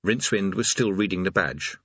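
A man's voice: low voice, a little fast, fairly bright tone, husky, no echo, muffled recording. A man narrating a comic fantasy audiobook in a dry, wry storytelling manner.

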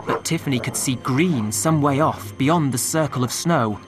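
A woman narrating a storybook in an expressive reading style, recorded close. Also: a bass voice, normal speed, few pauses, over music. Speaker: audiobook narrator.

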